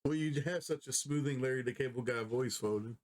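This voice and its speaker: A man's voice: medium pitch, brisk. A man hosting a casual podcast chat, easygoing and slangy, laughing often. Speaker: podcast host.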